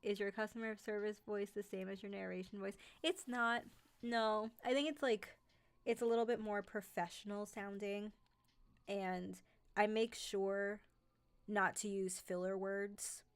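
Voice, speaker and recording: A woman's voice: mid-range voice, fairly even intonation, measured pace, smooth. A woman with a light New York accent, chatting casually with viewers on a livestream, with many "like" and "um" fillers. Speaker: host of a horror narration channel.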